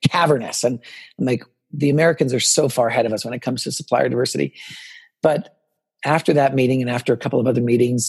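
Guy in his 50s, slightly husky voice, middle pitch, tells stories and does everyone's lines. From Canada. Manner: animated storyteller, acts out quoted dialogue. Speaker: podcast guest, politician. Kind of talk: personal storytelling in a podcast interview.

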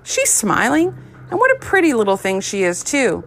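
A woman's voice: a little high, huge pitch swings, normal speed, a bit bright, full character voice. A woman doing Max, a blunt sneak thief. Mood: dismissive. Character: blunt male sneak thief, crude and easily shaken.

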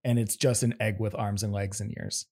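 A man's voice: fairly low pitch, normal speed. A man co-hosting a casual podcast, who grew up in Canada and talks in a playful, joking manner. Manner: playful, animated, jokey. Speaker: podcast co-host.

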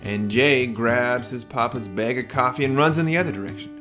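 A man telling a children's bedtime story as podcast host, in a relaxed, rambling way with fillers. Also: medium pitch, fairly quick, over music.

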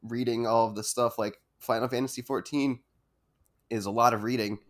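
A man's voice: mid-range voice, fairly even intonation, moderate pace. A man hosting an interview, asking long, rambling questions full of fillers. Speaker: host. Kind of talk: casual interview chat.

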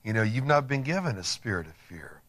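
A man's voice: lowish voice, very animated, brisk, fairly bright tone. A man hosting a Christian TV interview show, talking enthusiastically and encouragingly, with a chatty, filler-heavy delivery. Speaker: TV show host.

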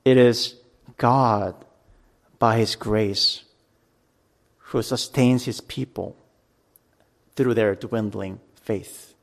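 Male pastor, unhurried sermon delivery, earnest and plainspoken. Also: fairly low pitch, fairly even intonation, creaky. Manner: slow, earnest preaching with dramatic scripture reading.

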